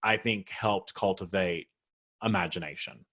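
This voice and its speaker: A man's voice: low voice, measured pace, gravelly, a bit bright. A man hosting a casual interview, chatting in a friendly, encouraging way over a video call. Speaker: host.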